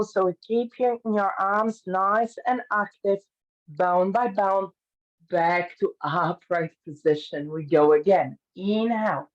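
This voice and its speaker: A woman teaching an online pilates class, calmly cueing each movement step by step. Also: mid-range voice, lo-fi sound. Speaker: pilates instructor. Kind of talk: guiding an online fitness class.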